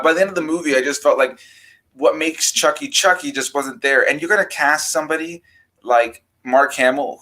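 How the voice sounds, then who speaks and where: A man chatting casually about horror films, rambling and animated, breaking into raised-voice impressions of quotes. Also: medium pitch, poor audio. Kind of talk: casual film discussion.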